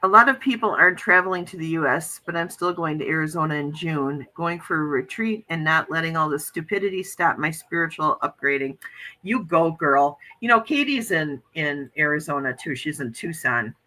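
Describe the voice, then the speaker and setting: A woman's voice: low voice, moderate pace, pushed and bright, rough recording. An American woman hosting a casual livestream chat, talking earnestly and reading viewer comments aloud. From United States.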